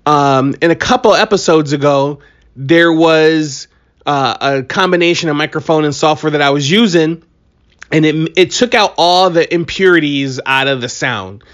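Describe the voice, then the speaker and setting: A man hosting his own podcast in a casual solo monologue. He talks in an animated, joking, hyped-up way, and his voice sounds a bit strained from allergies. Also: on the high side, normal speed. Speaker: podcast host.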